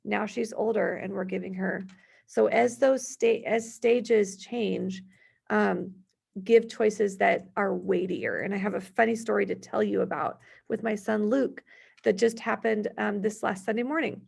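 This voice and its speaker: A woman's voice: medium pitch, fairly even intonation, measured pace, creaky, a little mellow, breathy edge. A woman in her thirties presenting a parenting workshop, chatty and telling family stories between her examples. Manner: chatty, storytelling, gives worded examples.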